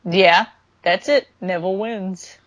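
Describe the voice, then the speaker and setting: A woman's voice: mid-range voice, slow, fairly bright tone, no echo. Dry matter-of-fact woman, dead close. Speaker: podcast co-host. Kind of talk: casual wrestling chat.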